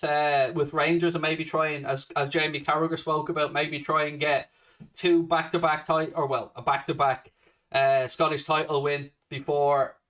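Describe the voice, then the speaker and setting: A man's voice: on the high side, a bit bright, recorded from a distance. A man hosting a casual fan livestream, swearing heavily and ranting confrontationally at a viewer. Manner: swears a lot, confrontational rant at a commenter. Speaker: livestream host.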